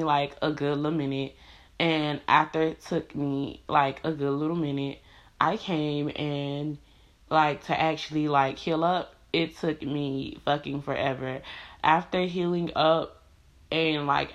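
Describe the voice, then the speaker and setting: A woman's voice: low-pitched, muffled recording. A young woman telling a personal story to her audience in a frank, casual way, cursing freely and filling her talk with "like.". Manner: frank, profane, heavy use of "like" fillers.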